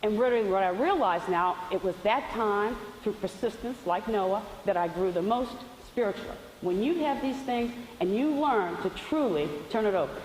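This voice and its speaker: A woman's voice: medium pitch, normal speed, hardly any pauses, darkish tone. A woman giving a chatty faith testimony, telling stories with loose asides. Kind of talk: storytelling testimony talk. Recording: roomy hall with faint hiss.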